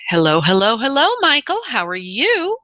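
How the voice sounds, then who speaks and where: A woman hosting a call-in radio show as a spirit medium. She talks soothingly, calls callers honey and love, and pauses to tune in as she reads. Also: fairly high pitch, huge pitch swings, muffled recording. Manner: thinks aloud, pauses to tune in.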